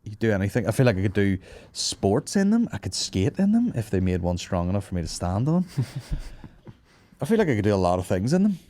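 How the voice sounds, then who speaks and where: Guy rambling on his podcast, low mellow voice, swears a lot. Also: very animated, brisk. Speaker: podcast host. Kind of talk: casual chat.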